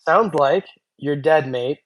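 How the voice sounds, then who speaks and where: Slight background noise sits under this man's slow, slightly high voice. Hosting a reptile channel's long casual stream, he's tired after hours on air, reading chat and joking in a loose, rambling way with many fillers.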